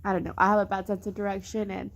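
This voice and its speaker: A woman's voice: mid-range voice, very fast. A young woman vlogging, telling a travel story in a casual, chatty way, saying "like" a lot and acting out what others said. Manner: chatty, says "like" a lot, quotes others in a lively way.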